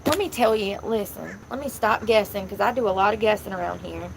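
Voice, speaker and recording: Woman vlogger, candid and rambling, middle pitch, phone mic in a car. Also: fairly quick, gravelly, slight background noise, poor audio. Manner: rambling, candid, talks to viewers as "y'all". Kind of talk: casual chat. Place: in a car, talking on her phone. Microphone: phone in hand.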